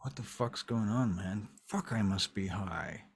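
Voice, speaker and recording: A man voicing a stoned, rough male tenant who swears and panics, loud and jumpy. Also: on the low side, a little slow, exaggerated voice. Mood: panicked.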